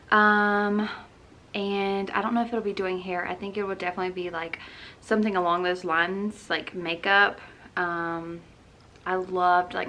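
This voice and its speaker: Bright-voiced young woman vlogging. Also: mid-range voice, a little hiss or hum. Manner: chatty, lots of "um" and "like". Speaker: lifestyle vlogger. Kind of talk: casual chat Q&A. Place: at home.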